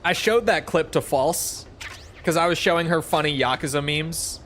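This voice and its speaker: Brief: joking male game commentator, slightly high voice, faint hiss behind. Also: normal speed, fairly bright tone. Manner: chatty, joking, thinking aloud. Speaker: gaming video creator. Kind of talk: casual gameplay commentary.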